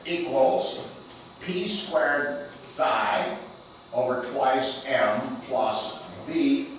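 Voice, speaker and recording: Man, lecturing physics, slow and theatrical, distant room mic, faint background noise. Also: fairly high pitch, fairly bright tone, heavy reverb. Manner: playful, theatrical, asks the class questions. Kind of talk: classroom lecture. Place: lecture hall.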